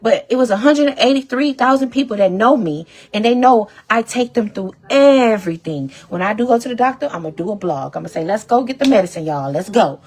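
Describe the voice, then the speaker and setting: A woman content creator pours out an emotional, rambling rant straight to her followers, pleading and swearing. She talks fast and restarts often, with sudden swings in intensity. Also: fairly high pitch, animated, darkish tone. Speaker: social media content creator. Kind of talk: emotional direct-to-camera rant.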